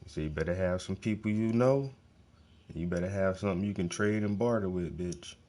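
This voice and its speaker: Blunt, profane man with a deep voice. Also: a little fast, mellow. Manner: profane, blunt, emphatic, repeats words. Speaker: host. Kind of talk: casual monologue.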